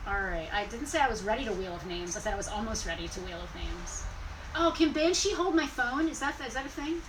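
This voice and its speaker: A woman's voice: medium pitch, expressive, recorded from a distance. Teasing woman speaking away from the mic. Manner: teasing, brisk, self-mocking. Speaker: co-host of a toy store live sale. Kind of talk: casual live-stream chat. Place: inside a toy and collectibles store. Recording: off-mic with clear background noise.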